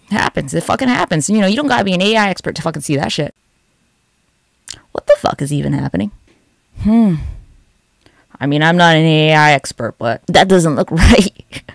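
Gravelly, sarcastic, profane woman. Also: deep voice, animated, a little fast, dry recording. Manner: sarcastic, profane, rambling asides. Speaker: online video commentator. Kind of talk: sarcastic comedic commentary.

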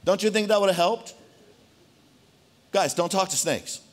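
Male pastor, sermon delivery, raised pitch, lively storytelling to a church crowd. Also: measured pace. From Arizona, United States. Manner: animated storytelling, addressing the congregation directly. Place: church hall.

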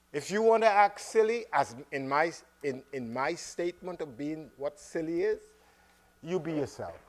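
A man preaching a sermon to a congregation, swinging between loud exhortation and soft, slow asides, and calling out to the room. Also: fairly high pitch, animated. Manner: calls out to the congregation. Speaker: minister.

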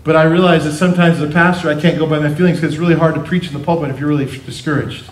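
A man preaching a sermon as pastor, animated, acting out quotes in changing voices. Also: on the high side, very fast. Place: church sanctuary. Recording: echoey church hall.

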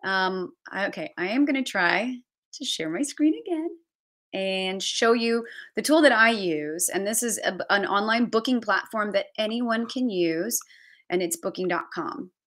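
A woman's voice: medium pitch, a little slow, fairly bright tone. A woman hosting a live-streamed budgeting tutorial from her basement, chatty and thinking aloud as she shares her screen. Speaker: travel budgeting host. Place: home basement.

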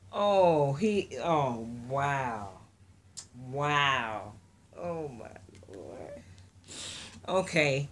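Slow, gushing woman unboxing on camera. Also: rumbling low, slight background noise. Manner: gushing, exclaiming, talks to viewers as y'all. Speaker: reborn doll collector. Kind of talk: casual unboxing vlog.

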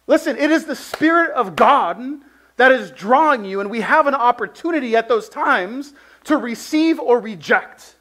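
A man's voice: very high voice, normal speed. A man preaching a sermon in a casual, conversational way, telling a personal story and often saying "like". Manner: conversational, heavy use of "like", animated storytelling.

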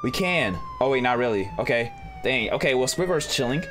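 This young man is a gaming YouTuber commenting on a horror game, joking around and leaping into high-pitched squeals at jump scares. He sounds expressive and talks a little fast. Background noise and a music bed sit under his voice.

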